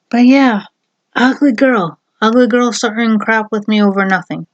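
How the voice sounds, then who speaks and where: A young woman with a fairly high voice tells a personal story to the camera, blunt and animated, slipping into other people's voices as she goes. The recording is a little dull and lo-fi. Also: moderate pace. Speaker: vlogger. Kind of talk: casual storytelling.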